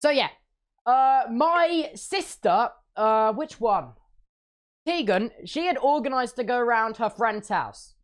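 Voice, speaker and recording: A man's voice: very high voice, expressive, slow. A young man streaming, telling a playful, exaggerated story and slipping into silly voices.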